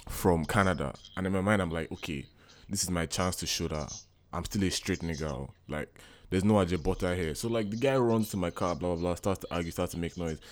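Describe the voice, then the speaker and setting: A young man from Nigeria co-hosting a casual podcast, telling animated stories full of swearing and laughter. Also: low-pitched, fairly quick. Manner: animated storytelling, profane, laughing. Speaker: podcast co-host. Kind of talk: casual chat.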